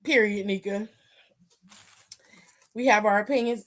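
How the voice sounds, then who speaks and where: Sassy woman, kinda high voice, chatting on a wrestling aftershow, calls the chat babe and honey. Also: a little slow, fairly bright tone. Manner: sassy, talks back to chat with pet names. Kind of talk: casual livestream chat.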